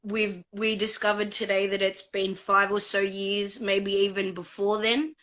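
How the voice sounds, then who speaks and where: Slow, bright-voiced woman guest, emotional. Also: mid-range voice, level tone. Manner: emotional, halting, searching for words. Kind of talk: casual live-stream chat.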